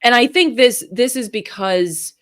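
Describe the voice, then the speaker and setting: A woman's voice: a little high, measured pace. A woman co-hosting a live political show, chatting casually and explaining things wryly. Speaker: co-host.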